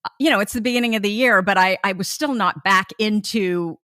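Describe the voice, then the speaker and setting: A woman from the United States hosting a podcast, talking conversationally with quick asides and tag questions. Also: mid-range voice, fairly bright tone, dry recording, studio quality. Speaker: podcast host. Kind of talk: casual podcast interview.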